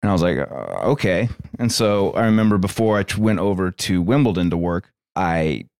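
A man's voice: sits low, fairly quick, darkish tone, smooth, no echo, studio quality. A man hosting a sports podcast, telling a story in a laid-back way with lots of fillers. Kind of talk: casual chat.

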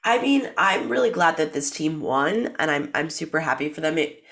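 Young woman, low-pitched, playful rambling co-host chat. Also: expressive, moderate pace, a bit bright. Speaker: podcast co-host. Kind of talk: casual chat.

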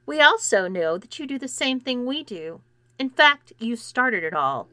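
Woman voicing a sneering teen girl bully, terse and scornful, lively pitch, bright tone, dry sound. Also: unhurried, dry recording, exaggerated voice.

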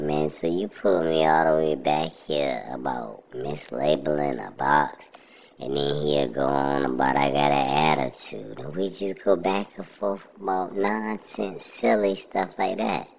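A man's voice: very deep voice, a little slow, creaky, darkish tone. A young man, telling a story in a laid-back, chuckling way during an interview. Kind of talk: casual storytelling. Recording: slightly muffled audio.

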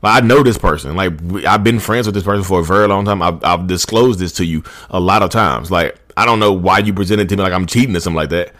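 A man's voice: sits low, fast talker, hardly any pauses, fairly bright tone, voice pushed down. A man acting out a manipulative boyfriend who turns the blame around, talking in an indignant, wounded, rambling way. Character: defensive gaslighting boyfriend, adult man, manipulative.

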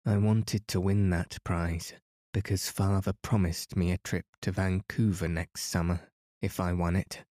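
Sullen, pleading teen schoolgirl, a man reading her in a soft, dark tone. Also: low voice, little pitch movement, measured pace, few pauses, dry recording, studio quality. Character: sulky scheming teenage schoolgirl.

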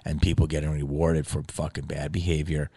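Deep-voiced man on a profane rant. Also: flat delivery, fairly quick, husky, dry recording. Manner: profane, agitated, ranting, drops low and quiet when bitter. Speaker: actor venting to camera.

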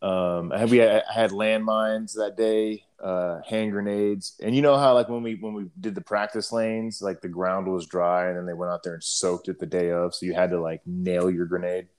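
A man's voice: deep voice, fairly even intonation, moderate pace, few pauses, a little mellow, clean tone. A middle-aged man and army veteran in casual chat, telling profane stories full of quoted dialogue. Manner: laid-back, profane storytelling with quoted dialogue.

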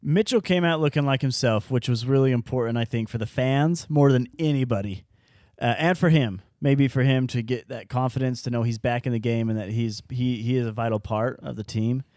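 A man talking basketball on a casual podcast, a laughing storyteller who slips into quoted voices. His voice sits at an ordinary middle pitch. The recording is close and dry, with little room sound. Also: fairly quick, a little mellow, no echo. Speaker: podcast co-host. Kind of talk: casual sports chat.

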